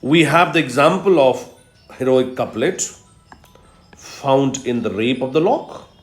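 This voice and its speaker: Male professor, unhurried lecture, repeats key terms, echoey room. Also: medium pitch, animated, faint music behind. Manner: explains step by step, repeats key terms, frequent "uh" fillers. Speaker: professor of literature. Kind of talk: recorded video lecture. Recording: roomy echo.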